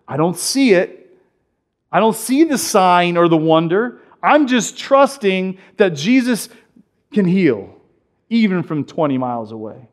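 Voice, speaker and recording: A man preaching a sermon, animated and acting out the voices he quotes. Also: sits high, measured pace. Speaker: pastor.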